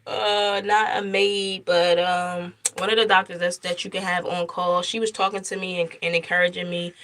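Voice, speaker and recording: Bright, animated young mother storytelling. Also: fairly low pitch, normal speed, slight background noise. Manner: animated retelling, acts out quoted lines. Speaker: mother telling her birth story. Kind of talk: casual storytime vlog.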